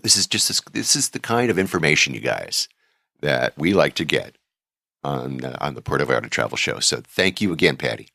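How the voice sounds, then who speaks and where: A man's voice: rumbling low, sing-song, brisk, vocal fry, pushed and bright, dry recording, studio quality. A man hosting a podcast in a casual, rambling way, chatting and reading listener mail aloud. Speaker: podcast host.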